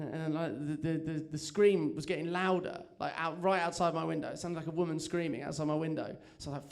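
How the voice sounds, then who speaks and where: A man's voice: fairly high pitch, little pitch movement, brisk, gravelly, hardly any pauses, a little mellow. A young man doing a chatty, self-mocking stand-up set on a comedy club stage, telling stories with lots of energy.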